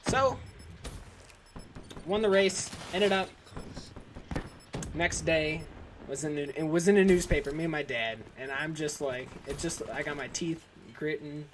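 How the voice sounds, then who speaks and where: A man's voice: a little high, unhurried, long pauses, slight background noise. A young man vlogging, telling a story in a rambling, casual way full of fillers like "like" and "um". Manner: rambling, filler-heavy, restarts often.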